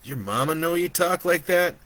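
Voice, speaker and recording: A man's voice: fairly high pitch, animated, moderate pace, fairly bright tone, pitched above the performer's own voice. Man playing a foul-mouthed hungover guy. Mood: exasperated. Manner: swearing, frantic and stammering.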